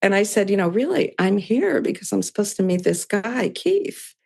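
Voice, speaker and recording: A woman's voice: medium pitch, big pitch swings, moderate pace, vocal fry, a little mellow. An older woman, a podcast guest, telling a story in casual conversation and voicing both sides of past dialogue with small laughs.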